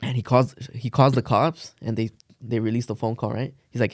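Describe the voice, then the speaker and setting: A man's voice: medium pitch, fairly even intonation, brisk, vocal fry, few pauses, a little mellow, dry recording, studio quality. A young man casually telling a long story on a podcast, rambling with lots of "like" and cursing slang. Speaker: podcast co-host.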